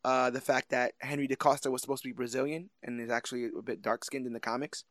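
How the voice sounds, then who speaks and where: A man co-hosting a podcast, chatting casually about a movie, animated and laughing as he acts out scenes. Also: medium pitch, fast talker, no room sound, studio quality. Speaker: podcast co-host. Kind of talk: casual movie review chat.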